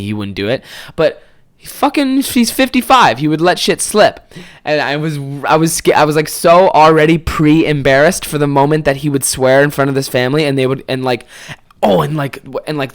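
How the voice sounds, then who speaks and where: Rambling, foul-mouthed young man telling stories. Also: fairly high pitch. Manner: rambling, swears freely, many fillers. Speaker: podcast host. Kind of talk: casual storytelling.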